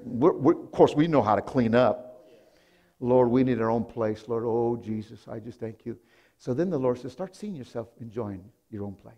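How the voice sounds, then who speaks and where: A man pastor preaching a sermon, telling a story in a hushed voice and then breaking into loud, animated exclamations. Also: mid-range voice, normal speed. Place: church sanctuary.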